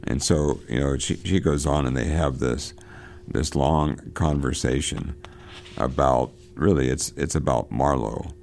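A man hosting a radio program on literature, reading passages from a novel aloud and discussing them, talking in a halting way with many fillers and restarts. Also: rumbling low, gravelly, darkish tone, slight background noise.

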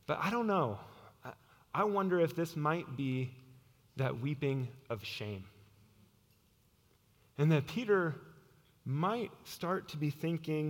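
A man preaches in a slightly high voice that sounds earnest. He often sinks to a near hush to stress a point. His words ring out with a long reverb in a large church hall. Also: very animated, takes it slowly, long pauses. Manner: earnest, drops to hushed tones for emphasis. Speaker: pastor. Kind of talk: sermon.

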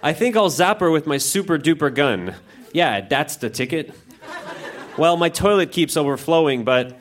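A man's voice: fairly high pitch, big pitch swings, normal speed. A man on stage at a live show, reading aloud stories he wrote as a child and jumping into put-on voices for the characters. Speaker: reader at a live storytelling show.

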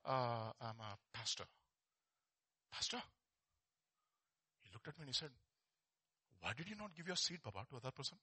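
A man preaching a sermon as a pastor, animated, swinging from soft asides to loud exhortation, repeating words and asking rhetorical questions. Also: on the high side, fairly quick, pauses often, husky.

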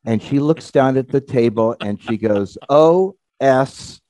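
A middle-aged man co-hosting a podcast in casual chat, telling a lively story. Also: medium pitch, moderate pace, no echo. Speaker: podcast co-host.

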